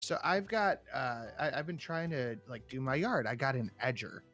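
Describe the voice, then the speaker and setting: A man's voice: medium pitch, lively intonation, normal speed, a bit bright. A man co-hosting a casual podcast, laid-back, mostly giving brief replies. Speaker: podcast co-host. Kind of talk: casual chat.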